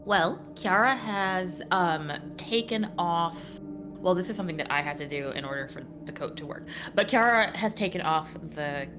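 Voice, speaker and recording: A woman player in a casual tabletop game, telling stories in an animated way. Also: lowish voice, moderate pace, over music.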